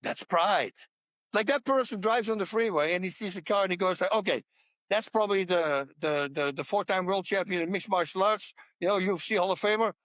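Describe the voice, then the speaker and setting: A man's voice: high-pitched, a little fast, a bit bright, no echo. A man talking as a podcast guest in a casual interview about faith, pressing his points home with repetition. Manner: emphatic, repeats points to hammer them home.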